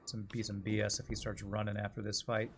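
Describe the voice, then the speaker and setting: A man's voice: on the low side, flat delivery, brisk, a bit bright, slight background noise. A man streaming a strategy game, chatting casually and answering viewers' comments while he plays. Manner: chatty, reads and answers chat while playing.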